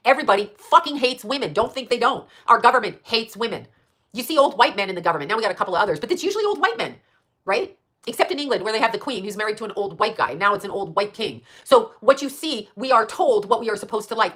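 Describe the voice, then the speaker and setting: Lady ranting fast and swearing a lot, rambles, keeps asking questions at you. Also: fairly high pitch, a bit bright. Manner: profane, rambling, fires rhetorical questions. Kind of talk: casual ranting monologue.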